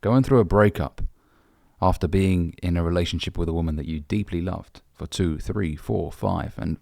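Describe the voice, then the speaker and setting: Uk guy dating coach talking straight to camera, gravelly voice, dead dry sound, swears a lot. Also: sits low, normal speed, darkish tone, no room sound. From United Kingdom. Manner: blunt, brotherly, swears casually. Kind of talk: direct-to-camera advice talk.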